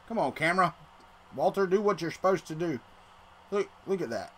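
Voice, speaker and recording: A man's voice: high-pitched, animated, fairly quick, slight background noise. A middle-aged man, hosting a casual livestream and rambling to his chat while he tinkers. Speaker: livestream host.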